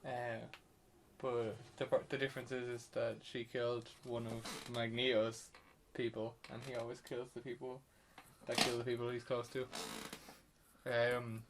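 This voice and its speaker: A man chats on a casual podcast, running through a movie's story in a loose, profane way that is thick with "uh" and "like". His voice sits at an ordinary middle pitch. A faint hiss of noise sits under the talk. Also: little pitch movement, normal speed, long pauses, a bit bright. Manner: loose, profane plot retelling with many fillers. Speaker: podcast host reviewing a film. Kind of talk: casual chat.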